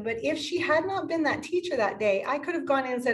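A woman's voice: high voice, lively intonation, fast talker, low-quality recording. A woman in her fifties with a slightly raised voice tells stories in an emotional, effusive way and laughs often. She speaks as a yoga teacher being interviewed. A faint hiss sits under the recording. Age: 50s. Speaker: yoga studio owner and teacher. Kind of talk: podcast interview.

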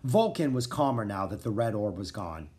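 A man narrating a children's storybook in an expressive, dramatic reading style. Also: on the low side, moderate pace. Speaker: audiobook narrator.

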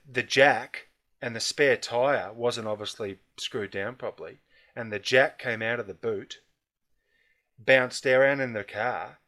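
Australian man telling a yarn. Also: medium pitch. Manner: animated storyteller, laughs through his anecdotes. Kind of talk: casual storytelling chat.

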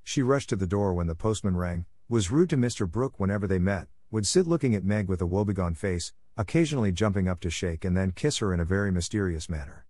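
A man reads a classic novel aloud as an audiobook, steady and measured. His voice is on the low side and recorded close and dry, with no room around it. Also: dry recording. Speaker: narrator. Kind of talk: scripted audiobook narration.

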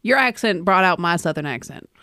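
A woman's voice: fairly low pitch, animated, a little fast, a crowd in the background. A woman talking casually as a player in a tabletop game, describing her actions.

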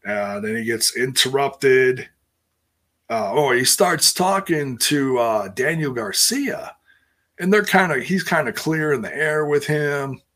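A man chatting casually through a wrestling show recap, rambling, restarting sentences and putting on higher voices for quotes. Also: a bit bright. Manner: rambling and self-interrupting, acts out quotes in a higher voice.

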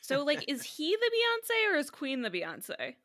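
Rich: A female podcast guest with a bright, slightly higher voice, chatting casually and laughing easily. She sometimes restarts her questions mid-thought, and the close mic keeps her sound dry. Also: wildly swooping pitch, measured pace, no room sound. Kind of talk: casual recap chat.

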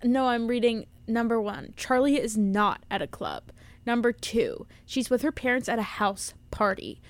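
A woman's voice: a little high, animated, moderate pace, no echo. A young woman in her twenties, co-hosting a casual chat podcast with a teasing, chatty manner. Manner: teasing, chatty, jumps between topics. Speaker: podcast co-host.

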